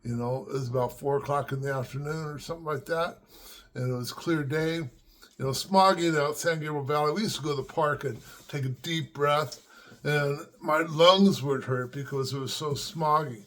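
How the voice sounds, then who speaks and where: An older Los Angeles-area man reminisces on his vlog from home, his dogs around him, in a fairly high, slightly bright voice at a moderate pace. His talk is casual and rambling, with many fillers and restarts.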